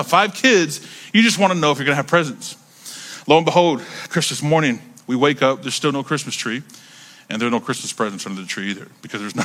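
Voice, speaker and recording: Man in his 30s, pastor, animated storytelling sermon, bright tense voice, mid pitch. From United States. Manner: animated, conversational, repeats words while building stories.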